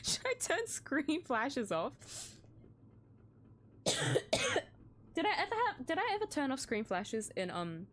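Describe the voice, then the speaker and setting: High, lively woman streamer who swears and laughs. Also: slow, pauses often. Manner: swears freely, laughs often. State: slight cough. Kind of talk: casual game streaming.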